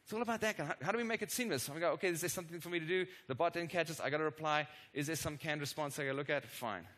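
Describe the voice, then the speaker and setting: A middle-aged man giving a live product demo keynote on a conference stage, energetic and constantly checking in with the audience through quick tag questions and self-deprecating asides. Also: a little high. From not from the United States. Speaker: conference presenter.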